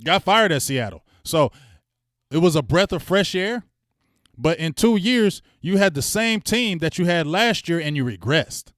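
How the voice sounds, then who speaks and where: Angry ranting man, smooth dry voice. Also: a little high, very animated, a little slow, a bit bright, no room sound. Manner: heated, blunt, slangy ranting. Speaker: sports talk host. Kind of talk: fan rant commentary.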